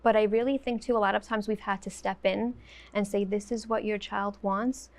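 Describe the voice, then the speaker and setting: Creaky-voiced woman guest. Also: medium pitch, steady tone, normal speed. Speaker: guest, autism program worker. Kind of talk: interview answers.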